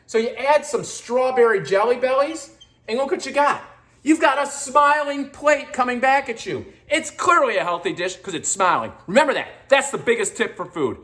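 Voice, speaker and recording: A clueless, boastful cooking guy , played by a woman, with a higher voice that swings up and down in pitch. He delivers silly tips with mock seriousness in an echoey room. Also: moderate pace. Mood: goofy boastful. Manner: boastful, deadpan silly, jumpy loudness. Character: clueless goofy male home-cooking guy. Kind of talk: comedy sketch monologue.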